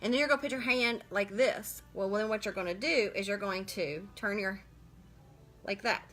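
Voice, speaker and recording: A woman's voice: medium pitch, normal speed, fairly bright tone, soft background music. Chatty woman hosting a live makeup tutorial. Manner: chatty, greets viewers by name while working. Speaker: makeup livestream host.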